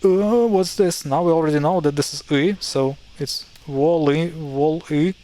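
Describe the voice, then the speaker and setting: Halting Ukrainian-accented man explaining. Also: fairly high pitch, warm tone, rough recording. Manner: halting, self-correcting, thinks aloud. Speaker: language teacher. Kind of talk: casual explainer.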